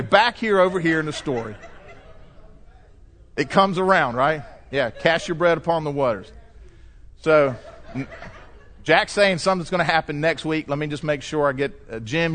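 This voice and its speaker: A male pastor delivering a lively sermon, telling stories and acting out voices as he preaches. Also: on the high side, normal speed, long pauses, slight background noise. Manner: animated storytelling preacher, shifting pace, acts out quotes.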